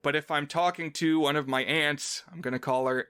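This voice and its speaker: A man co-hosting a film podcast in a loose, chatty way, drifting into playful asides as he explains. His voice is bright and crisp, with a dry, close sound and no room around it. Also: on the high side, fairly even intonation, moderate pace, no room sound. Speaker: podcast co-host. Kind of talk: casual film podcast chat.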